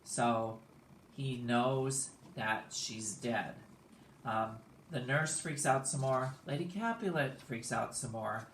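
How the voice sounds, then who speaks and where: A man teaching, casually explaining a play scene by scene with relaxed fillers. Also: mid-range voice, takes it slowly, a little hiss or hum. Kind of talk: lesson recap of a play. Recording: echoey room.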